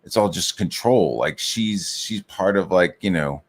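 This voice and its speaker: A man with a very low voice rants casually as he works on comic pages. His talk rambles, loaded with profanity and filler words, loose and unscripted. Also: measured pace. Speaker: streamer and comic artist.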